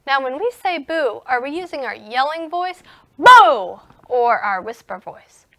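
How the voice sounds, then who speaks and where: A young woman teaching a recorded music lesson to young children, gentle and encouraging. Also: high-pitched, lively intonation. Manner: gentle and encouraging, speaks slowly to young children, sings and whispers in parts.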